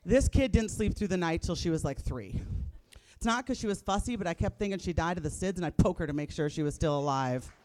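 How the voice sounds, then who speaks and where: A woman's voice: on the low side, animated, fairly quick, a little mellow. A woman in her thirties performing a live stand-up comedy set, blunt and profane, landing wry punchlines. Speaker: stand-up comic. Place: live comedy stage before an audience.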